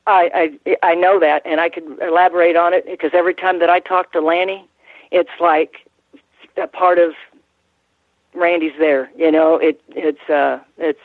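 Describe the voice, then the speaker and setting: An older woman with a fairly low, steady voice, a former ring announcer appearing as a guest, tells stories from her years around the ring in a casual interview. She halts often, restarting sentences and using lots of fillers. Her voice comes over a narrow, tinny phone line, dry with no room sound.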